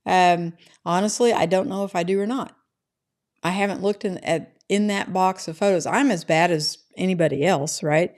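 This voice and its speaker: A woman's voice: lowish voice, moderate pace, a little mellow. A middle-aged woman hosting a casual livestream from her home, chatting loosely and answering viewers' comments. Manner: rambling and chatty, often adds "right?". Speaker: livestream host reading chat.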